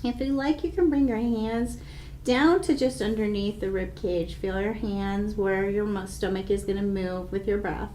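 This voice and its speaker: A woman guiding a yoga class with slow, calm, soothing instructions. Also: mid-range voice, echoey room, a little hiss or hum.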